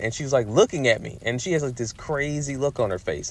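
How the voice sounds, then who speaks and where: A man's voice: medium pitch, lively intonation, fairly quick. A man telling a story in a heated, profane rant, repeating himself for emphasis. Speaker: vlogger.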